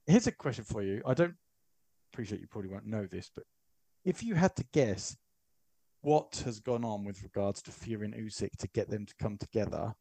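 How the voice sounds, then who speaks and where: A man's voice: on the low side, animated, fairly quick, vocal fry, mellow, dry recording. A man co-hosting a podcast, bantering sarcastically and rambling in casual chat. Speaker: podcast co-host.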